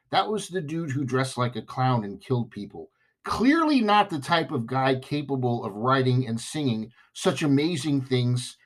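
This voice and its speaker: A man hosting a podcast, rambling through a jokey, self-mocking comedic monologue. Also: medium pitch. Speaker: podcast host.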